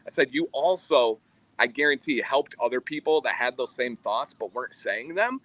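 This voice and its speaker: A man's voice: mid-range voice, fairly quick, fairly bright tone, dry recording, low-quality recording. A man co-hosting a livestream, earnestly telling a story about his community. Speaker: co-host. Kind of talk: livestream chat.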